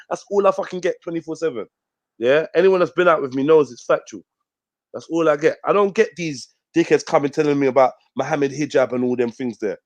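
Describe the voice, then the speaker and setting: A man's voice: a little high, fairly quick, a little mellow, no echo. A man hosting a live stream, talking bluntly with lots of swearing and street slang. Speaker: host of a live news talk stream. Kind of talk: casual livestream rant.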